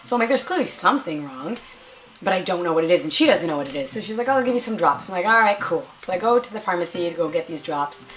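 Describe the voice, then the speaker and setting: A young woman vlogger chatting casually through a storytime, acting out quoted lines in a higher voice and playing up her own drama. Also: lively intonation, quick pace, soft background music.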